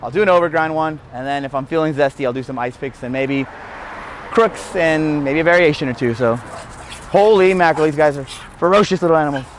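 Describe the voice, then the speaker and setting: A man's voice: a little high, brisk, slight background noise. A man hosting a casual BMX how-to, talking on a lapel mic outdoors, out of breath, chatty and self-mocking. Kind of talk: casual spoken tutorial. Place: outdoors by a street rail.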